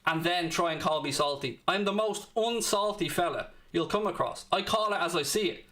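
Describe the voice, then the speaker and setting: A man's voice: high voice, moderate pace, pushed and bright. A young man hosting a live football watchalong, commentating on the match and ranting and swearing back at his chat. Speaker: watchalong host.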